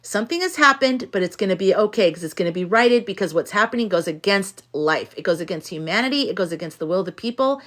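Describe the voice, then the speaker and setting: Talking fast with few pauses, a woman livestreams from her home, in a room strung with hanging lights. Her mid-range voice is fairly bright with lively intonation as she rambles, swears without restraint, and reads her viewers' chat out loud.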